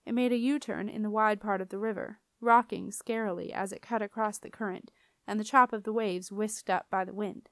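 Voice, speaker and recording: A woman's voice: medium pitch, steady tone, fairly quick, no room sound. Woman reading a storybook, dry. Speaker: audiobook reader. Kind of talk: storybook narration.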